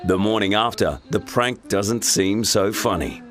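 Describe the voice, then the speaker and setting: A man's voice: lowish voice, a little slow. A man narrating a reality show in a dry, wry scripted delivery. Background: music bed.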